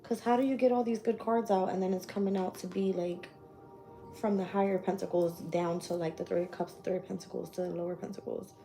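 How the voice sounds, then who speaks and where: A woman's fairly low, dark voice moves briskly with fairly even intonation, a little hiss or hum underneath. Reading tarot casually on a live stream, she's blunt and profane, thinking aloud and naming each card as she shuffles and draws.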